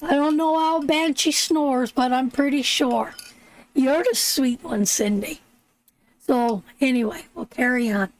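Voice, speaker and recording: A woman with a Canadian accent giving live tarot readings, slow and soothing, a little congested and sleep-deprived. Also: high-pitched, poor audio. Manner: slow, soothing, calls viewers sweetheart.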